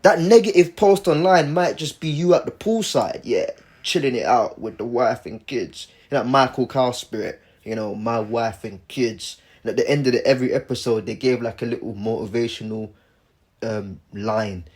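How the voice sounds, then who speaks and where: A man's voice: mid-range voice, moderate pace, a little mellow, husky. Emphatic man preaching in a casual way. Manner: emphatic, repeats himself, keeps saying "man". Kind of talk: casual religious commentary.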